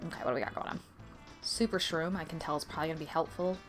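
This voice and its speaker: A woman's voice: low voice, steady tone, very fast, over music. A woman chatting casually to herself while playing through a video game. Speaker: let's play host. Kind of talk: casual gameplay commentary.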